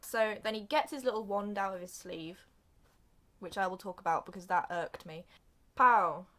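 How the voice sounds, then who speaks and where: A young woman recapping a film plot for comedy, acting out the characters' lines in an animated way. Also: mid-range voice, normal speed. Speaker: video reviewer.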